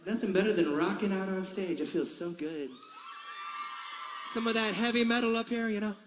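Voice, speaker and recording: A man's voice: high voice, normal speed. A man in his forties chatting and laughing with a concert crowd between songs, telling rambling stories. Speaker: singer addressing a concert crowd. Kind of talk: onstage banter. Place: large concert venue on stage. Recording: live hall reverb, faint crowd noise.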